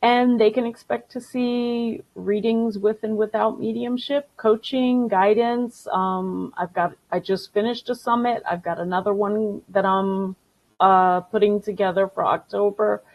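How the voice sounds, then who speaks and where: A woman's voice: medium pitch, fairly even intonation, measured pace, dull audio. A woman guest, a spiritual healer, chatting upbeat and affirming, often repeating her phrases. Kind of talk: casual interview chat.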